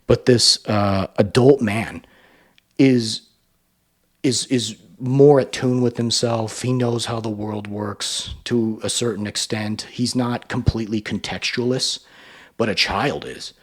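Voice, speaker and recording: A man with a low, somewhat husky voice talks through a video in emphatic commentary. He presses his points hard and sometimes slips into a sneering mocking tone. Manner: emphatic, mocks others in a sneering voice. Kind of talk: reaction commentary.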